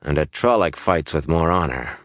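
A man voicing a stern, proud desert warrior in an audiobook, speaking in a flat, clipped way. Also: rumbling low, normal speed, no room sound, clean studio sound. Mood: angry.

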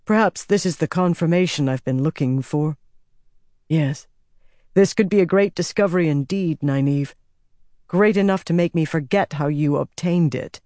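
A woman narrator gives a quiet, commanding young ruler from an audiobook. He speaks softly and offhandedly, with a dark, mellow tone. The voice is dry and close. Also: low-pitched, moderate pace, no room sound, lightly acted. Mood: musing. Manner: soft, eerie, offhand.

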